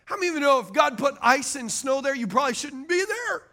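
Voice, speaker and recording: High-pitched pastor preaching. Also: male voice, very animated, fast, bright, forceful tone. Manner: call-and-response preaching, asks the crowd for amens. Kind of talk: sermon.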